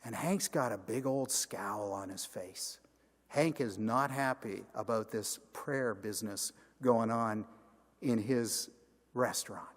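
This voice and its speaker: A man's voice: on the low side, slow. A man in a large church, a senior pastor telling a story in his sermon and acting out each character. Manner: animated, acts out every character. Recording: long church reverb.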